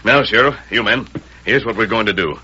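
The Lone Ranger, crisp hero. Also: male voice, fairly low pitch, brisk, sharp tone, highs cut off, full character voice. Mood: commanding. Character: heroic masked lawman, confident, commanding. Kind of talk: 1940s radio acting. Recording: hissy old radio broadcast.

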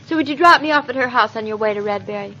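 A high, chattering young radio wife. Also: female voice, racing. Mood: suspicious. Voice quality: bright, chattering, girlish banter. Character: lively, suspicious young wife, quick-witted. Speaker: radio drama actress. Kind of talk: 1940s radio acting. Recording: dull lo-fi vintage radio transcription.

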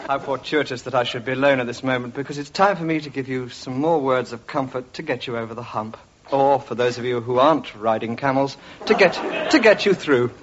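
A man's voice: mid-range voice, brisk, dull audio, a little hiss or hum. A man hosting a radio sketch comedy show in a mock-solemn announcer delivery.

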